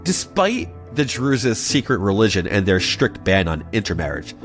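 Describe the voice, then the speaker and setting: A man narrates a history explainer with a lively, bouncing delivery, his pitch leaping around as he tosses in playful jokes and asides. Soft music runs faintly underneath. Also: normal speed. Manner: playful, animated, jokey asides. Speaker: podcast host.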